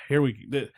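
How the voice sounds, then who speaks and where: A man hosting a podcast, rambling through a wrestling match recap in casual chat, wry and laughing, with the odd swear. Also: sharp tone. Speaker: podcast host.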